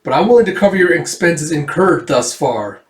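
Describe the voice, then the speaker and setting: Reading a comic aloud, a man performs a theatrical, scheming baron in a grandiose mood, pitching his voice above his own but still close to everyday speech. The voice is on the high side with lively intonation at a normal speed, recorded on a distant mic in a roomy space.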